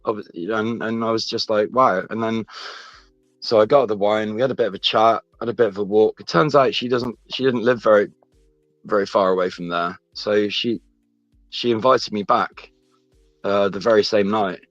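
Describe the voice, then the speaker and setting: A low-voiced man rambles through a personal story, stopping and restarting mid-sentence. The sound is dull and lo-fi, dry, with faint music underneath. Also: fairly even intonation, no echo. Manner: rambling, halting, many restarts. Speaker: guest. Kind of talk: casual chat, personal story.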